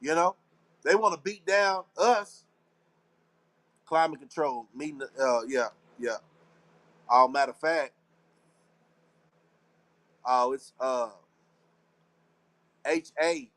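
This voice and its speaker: A man's voice: high voice, fairly bright tone. A man from Texas, hosting a casual live talk show and rambling to his listeners in a slangy, preachy, conspiratorial way. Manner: slangy, repeats phrases. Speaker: show host.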